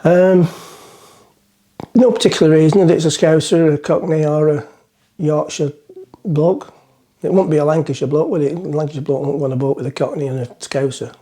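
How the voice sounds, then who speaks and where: In a fairly quick, mellow voice on the high side with fairly even intonation, a middle-aged man tells a joke to the camera. The vlogger rambles chattily and mocks himself while sitting at the front of a boat.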